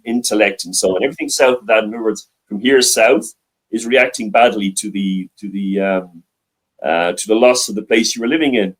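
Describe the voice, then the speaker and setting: A man's voice: on the low side, poor audio. A middle-aged man with a mild Dublin Irish accent, speaking as an interview guest over a video call from a library, hesitant with many restarts and repeated words. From Ireland. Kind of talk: interview conversation.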